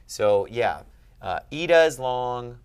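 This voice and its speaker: A man's voice: mid-range voice, lively intonation, takes it slowly, clear, resonant tone. A man teaching Greek grammar one-on-one, asking questions and stressing the key points patiently. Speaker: Greek tutor.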